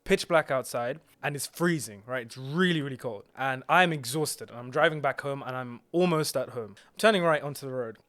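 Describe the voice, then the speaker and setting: A man's voice: mid-range voice, a little fast, few pauses, a bit bright. A young man casually telling a story on a couch, rambling with lots of fillers and restarts. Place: indoors on a couch.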